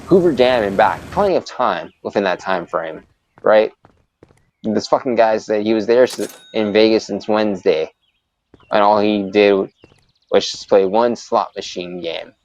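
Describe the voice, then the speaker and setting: Low-voiced man ranting profanely. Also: animated, moderate pace, a little mellow, low-quality recording. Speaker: live streamer. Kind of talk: casual storytelling while gaming.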